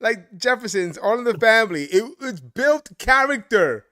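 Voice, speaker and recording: Brooklyn co-host with a tense, bright voice, dry close mic, emphatic. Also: male voice, sits high, big pitch swings, normal speed, no echo. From Brooklyn, New York. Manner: emphatic, repeats himself. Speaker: live stream co-host. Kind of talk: casual political chat.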